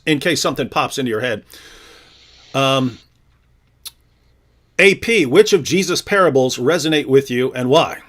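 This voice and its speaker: A man's voice: a little high, a bit bright. A man co-hosting a live stream, chatting casually, telling stories and teasing. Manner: chatty, storytelling, quick to mock.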